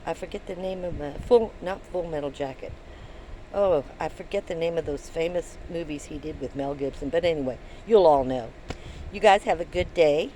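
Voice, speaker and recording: A woman's voice: deep voice, moderate pace, mellow, a little hiss or hum, low-quality recording. An older woman vlogging from her van, telling a story in a chatty, rambling way with many ums and restarts. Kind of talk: casual storytelling to camera.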